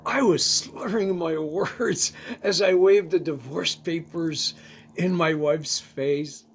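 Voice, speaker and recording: A storyteller narrating a first-person tale in a halting way, often repeating words. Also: medium pitch, slight background noise.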